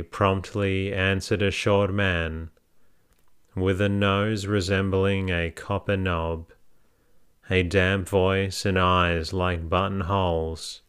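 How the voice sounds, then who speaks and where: A man reads a classic novel aloud in scripted narration. His voice is deep and exceptionally clear. He keeps an unhurried, measured pace. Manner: measured, even storytelling. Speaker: audiobook narrator.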